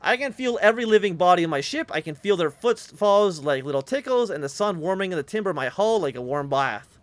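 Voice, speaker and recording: A man's voice: high-pitched, lively intonation, a little fast, no room sound. A man voicing a proud female cyborg who is wired into her airship, speaking with rapturous intensity. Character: cyborg woman airship captain, proud, ecstatic.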